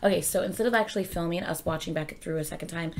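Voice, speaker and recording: A young woman hosting a reaction video, excitable and gushing, swearing freely and rambling in casual chat. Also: fairly low pitch, fast, vocal fry, slight background noise.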